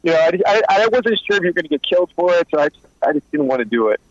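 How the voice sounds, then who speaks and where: A man's voice: a little high, big pitch swings, racing, no room sound, muffled recording. A man in his fifties, a guest telling blunt streetwise stories in a casual interview and acting out both sides of the talk. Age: 50s. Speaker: guest, former mobster turned informant and author.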